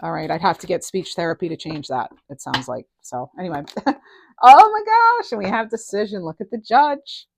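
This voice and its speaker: A middle-aged woman giving a casual tarot reading, enthusiastic and animated, her voice rising and falling in loudness. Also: low-pitched, fairly quick, gravelly, slightly rough. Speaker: tarot reader.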